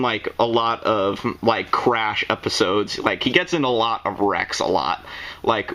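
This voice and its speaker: Rambling young man with a bright voice. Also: medium pitch, low-quality recording. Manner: rambling, lots of fillers and restarts. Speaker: video host. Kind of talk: casual toy show-and-tell review.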